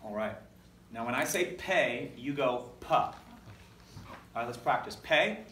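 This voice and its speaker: A man's voice: mid-range voice, a little slow, fairly bright tone, slight background noise. A man teaching a classroom lesson, leading call-and-response drills with energy and correcting himself as he goes. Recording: echoey classroom recorded from far off.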